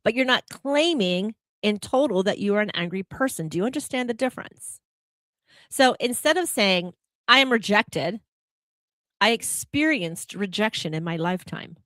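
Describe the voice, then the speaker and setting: A woman's voice: fairly high pitch, normal speed, dry recording, clean studio sound. A woman hosting a reflective spiritual talk show, who often puts rhetorical questions to the listener. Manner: animated, laughing when telling about herself. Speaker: podcast host.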